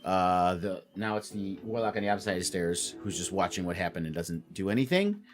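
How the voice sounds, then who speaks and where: A man's voice: low-pitched, animated, fairly quick. A man running a tabletop game as game master, amused and laughing often.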